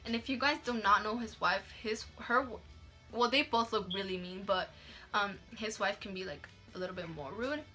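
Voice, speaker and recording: A woman's voice: mid-range voice, normal speed, pushed and bright, faint music behind. A young woman vlogger telling a story in casual chat. She swears freely, says "like" constantly and drops in Spanish words.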